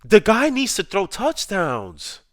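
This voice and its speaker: A man's voice: high-pitched, wildly swooping pitch, dry recording, clean studio sound. A man delivering an emotional, heated fan rant about his football team, repeating points for emphasis. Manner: heated, repetitive, drawn-out emphasis. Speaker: sports YouTuber ranting.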